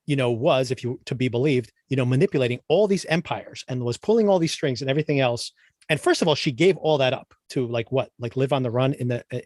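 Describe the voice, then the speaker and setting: A man's voice: medium pitch, darkish tone, dry recording. A man hosting a podcast, giving a casual, sarcastic review of a TV show with exasperated asides and bursts of laughter. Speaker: podcast host.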